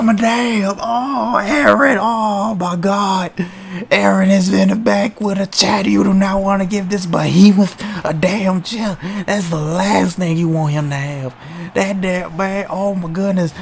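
A young man calls a video game wrestling match like a hyped-up ringside commentator, shouting exclamations and tossing in slang and profanity. His voice has a gravelly edge, and a faint hiss sits behind him. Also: high voice. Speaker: gamer doing mock commentary. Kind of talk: playful mock wrestling commentary over gameplay.

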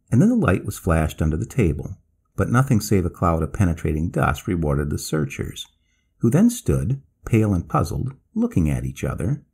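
Gravelly low-voiced male storyteller. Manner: lively, acts out quoted speech in narration. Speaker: narrator. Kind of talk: scripted storybook narration.

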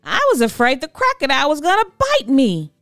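A woman voicing a spiteful, sulky young girl with a shrill, whiny voice in a children's storybook. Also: huge pitch swings, fairly quick, a bit bright, no room sound, studio quality, full character voice.

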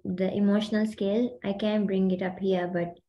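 A woman's voice: mid-range voice, level tone, moderate pace, highs cut off. A woman hosting and coaching a group on a video call, talking in a chatty, rambling way full of fillers. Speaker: host and mindset coach.

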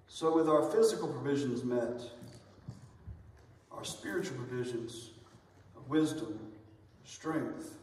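A man preaching a sermon with passion, building to near-shouts on the points he stresses. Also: medium pitch, slow pace, pauses often. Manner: impassioned, rising to near-shouts on emphatic lines. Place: church sanctuary. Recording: echoey church hall, voice from far off.

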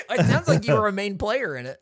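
A woman on a podcast, chatting casually and teasing with easy laughter. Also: mid-range voice. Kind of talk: casual chat.

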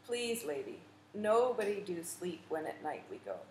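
A woman voicing a small, weathered male deckhand who speaks politely in halting broken English. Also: fairly low pitch, sing-song, a little mellow. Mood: gentle. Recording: echoey room with faint noise.

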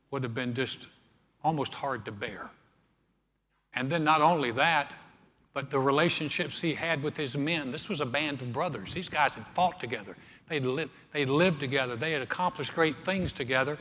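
A man's voice: medium pitch, moderate pace, slight background noise. A male pastor preaching a sermon, earnest, building in force as he quotes scripture. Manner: earnest preaching, swelling louder when quoting scripture. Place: church sanctuary. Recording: church hall reverb.

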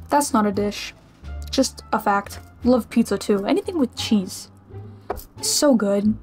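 A 21-year-old woman from Massachusetts, a streamer answering viewer questions in a casual vlog, chatty and playfully self-mocking. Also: medium pitch. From Massachusetts, USA.

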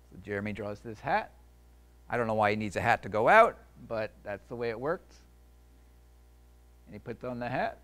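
A man's voice: medium pitch, expressive, fairly quick, fairly bright tone. A man who is an author and illustrator, chatting casually to a library audience and reading his own picture book aloud, often breaking off to ad-lib. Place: public library event.

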